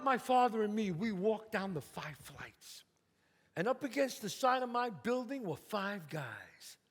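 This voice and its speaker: A man's voice: sits high, fairly bright tone. A man from the Bronx telling a story on stage alone in a vivid, streetwise, dramatic way. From the Bronx, New York. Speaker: solo stage performer. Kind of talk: theatrical storytelling. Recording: stage reverb in a hall.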